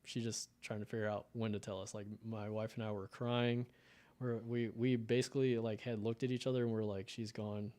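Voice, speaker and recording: A man's voice: mid-range voice, level tone, brisk, a little mellow. A man in his thirties from the United States, telling an emotional personal story in a casual podcast conversation. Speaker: podcast guest.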